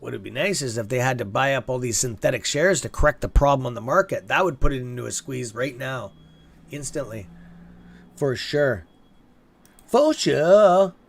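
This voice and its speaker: A man hosting a live trading stream in a loose, chatty way, reacting aloud to what viewers write. His voice sits at an ordinary middle pitch, and he swears freely when something irritates him. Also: brisk, creaky, a bit bright, husky. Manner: swears openly when annoyed. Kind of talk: casual livestream chat reading viewer comments.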